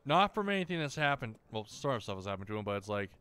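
A man's voice: fairly low pitch, very animated, fast, a bit bright, clean tone. A man ranting casually and profanely about family while playing a game. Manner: rambling, profane, venting. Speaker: gaming streamer. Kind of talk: casual chat over gameplay.

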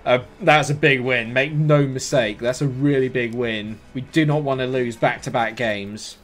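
A young man commentating his own football video game, muttering through play and shouting when goals go in. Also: mid-range voice, steady tone, normal speed. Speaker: gaming YouTuber.

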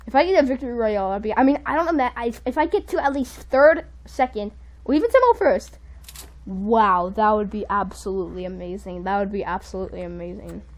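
A woman giving excitable live commentary while playing a video game, jumping between panicked outbursts and quiet muttering. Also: medium pitch, brisk. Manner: says "dude" and "frick" a lot. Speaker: gaming video creator.

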